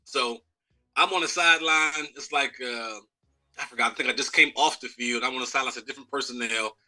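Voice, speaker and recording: Bright, lively former football player. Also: male voice, mid-range voice, fairly quick, rough recording. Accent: American. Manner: lively storyteller who acts out quotes and laughs. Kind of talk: animated storytelling in a live interview.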